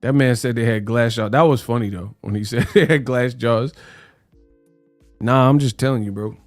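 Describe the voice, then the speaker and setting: A man hosts a live boxing chat, talking in loose slang with plenty of jokes. His voice sits at a middle pitch and is recorded close and dry. Faint music plays quietly underneath. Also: normal speed, no echo. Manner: joking, slangy, puts on mock British voices. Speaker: host. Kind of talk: casual livestream chat.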